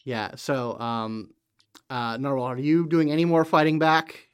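A man running a tabletop game who narrates the scene in halting stretches. He leans heavily on fillers and restarts. His voice is smooth and resonant at an ordinary pitch. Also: flat delivery. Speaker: game master.

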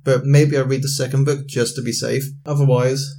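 A man's voice: mid-range voice, level tone, fairly quick, gravelly, mellow. A man co-hosting a podcast, teasing his friend, laughing a lot and stumbling over his words in casual chat. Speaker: podcast co-host. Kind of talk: casual chat about books and films.

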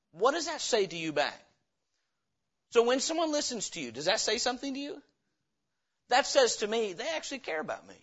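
A man preaching a sermon as pastor, reading scripture slowly and breaking into sudden loud, emphatic bursts. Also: high voice, muffled recording.

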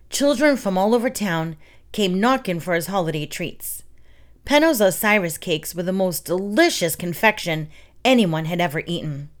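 Woman, storybook reading, soft steady voice, children's tales. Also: fairly low pitch. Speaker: reader of children's stories.

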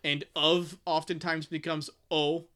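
A man with a bright, ringing voice and a crisp, clean tone, speaking a little higher than most men. He talks in casual conversation, hesitant and full of restarts, and now and then reads lines from a book aloud. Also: level tone, unhurried. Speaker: podcast co-host discussing a book. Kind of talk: casual chat.

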